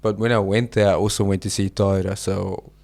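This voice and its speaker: Man, low voice, gravelly, flat delivery, hesitant guest. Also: a little fast. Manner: hesitant, loose retelling. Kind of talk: casual chat.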